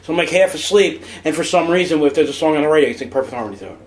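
A man's voice: fairly high pitch, animated, rapid-fire. A man with a New Jersey accent co-hosting a radio show, rambling through self-deprecating stories and laughing as he goes. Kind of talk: casual chat.

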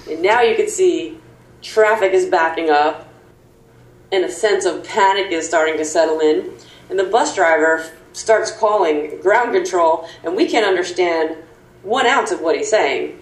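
A woman telling a funny personal anecdote in an animated, playful way, with a roomy recording sound. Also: moderate pace. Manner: animated, playful, jumps high for quoted voices. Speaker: storyteller.

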